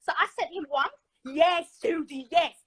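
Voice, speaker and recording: A woman tells a long personal story, excitable and dramatic, slipping into the voices of the people in it. Her voice sits very high and sounds bright and forceful. The sound is dry and close. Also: measured pace, dry recording, low-quality recording. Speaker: caller telling her story. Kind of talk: animated storytelling on a live stream.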